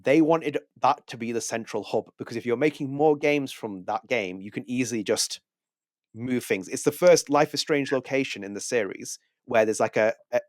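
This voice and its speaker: A man's voice: medium pitch, dry recording, studio quality. A man co-hosting a podcast, giving rambling, opinionated takes in casual chat. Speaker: podcast co-host.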